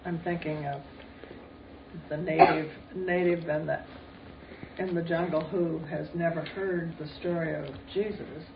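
A gravelly class member speaks slowly and hesitantly from far off the mic, thinking aloud while asking the question. The sound is muffled and lo-fi, with clear background noise. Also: mid-range voice, steady tone.

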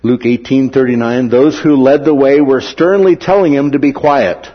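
A man's voice: mid-range voice, normal speed, highs cut off. A man preaching a sermon who acts out the words of the people in the story. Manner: animated, acts out the characters' words.

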